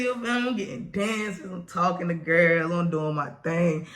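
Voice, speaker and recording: A young woman chats straight to her camera in a casual vlog. She tells her story in loose, slangy talk. Her pitch and volume rise and fall a lot as she gets into it. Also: normal speed, few pauses. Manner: animated, slangy storytelling with big swings in pitch and loudness. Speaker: vlogger.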